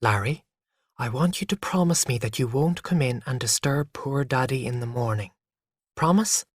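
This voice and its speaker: A man voicing a patient, gentle mother who speaks softly and soothingly, in a graded reader story. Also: medium pitch, animated, a little slow, no room sound, studio quality. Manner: soft, hushed, soothing.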